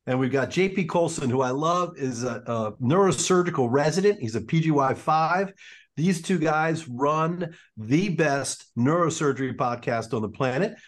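A man's voice: on the high side, lively intonation, normal speed. Enthusiastic male podcast host. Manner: enthusiastic, repeats "I love it". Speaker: podcast host, orthopedic surgeon. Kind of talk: upbeat podcast interview.

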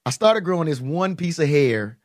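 A man's voice: on the high side, very animated, moderate pace, background noise. A man co-hosting a casual chat, teasing and prying with playful questions. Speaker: podcast co-host.

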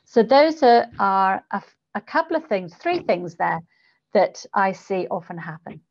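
A woman who coaches public speakers, talking in an interview and changing her pitch and volume to demonstrate delivery. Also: very animated, a little slow. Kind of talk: conversational interview. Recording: dull lo-fi podcast audio.

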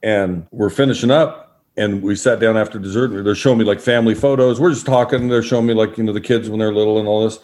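Lower-voiced man telling long stories. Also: fast talker, few pauses. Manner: relaxed anecdotal storytelling with voiced quotes. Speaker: guest, former sports broadcaster. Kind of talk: storytelling in a podcast interview.

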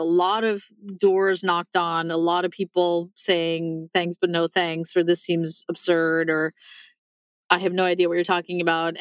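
A woman startup founder being interviewed, talking quickly with lots of fillers and acted-out quotes. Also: fairly low pitch, dry recording, rough recording. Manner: fast, animated, many fillers and quoted asides. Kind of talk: conversational interview.

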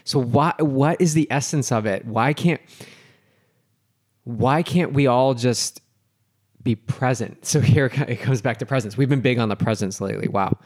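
A man's voice: mid-range voice, normal speed. A man hosting a podcast, asking thoughtful questions that he rephrases as he goes. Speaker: podcast host. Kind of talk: interview questions.

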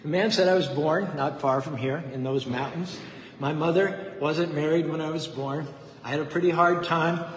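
A man's voice: fairly high pitch, fairly even intonation, normal speed, a little hiss or hum. A man preaching a devotional sermon with fervent, rhythmic repetition and a story. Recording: echoey hall with faint ambience.

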